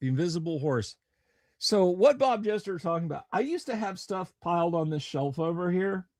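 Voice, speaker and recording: A man's voice: fairly high pitch, a little mellow, dry recording. A man hosting a casual live stream from a home studio, rambling and joking with viewers, with stammering restarts. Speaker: livestream host.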